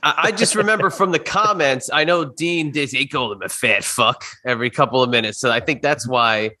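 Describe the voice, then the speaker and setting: A man's voice: medium pitch, fairly quick, sharp tone. A man co-hosting a podcast, teasing and joking in casual chat. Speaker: podcast co-host.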